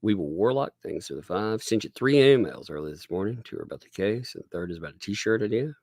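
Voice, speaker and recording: A man's voice: lowish voice, animated, quick pace, darkish tone, dry recording, clean studio sound. A man hosting a casual livestream, rambling and laughing as he thanks viewers and reads chat. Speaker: livestream host.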